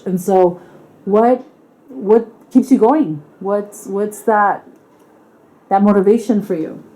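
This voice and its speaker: A woman's voice: mid-range voice, dark tone, low-quality recording. A woman interviewer asking earnest questions, building them up through repeated phrases.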